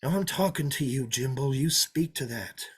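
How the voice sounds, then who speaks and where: An actor playing a menacing drifter who taunts his hostages, swinging from loud mockery to hushed threats, in a play reading. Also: mid-range voice, moderate pace, slightly rough, natural voice. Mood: reminiscing. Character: menacing, sneering drifter holding a diner hostage. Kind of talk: play read over a video call.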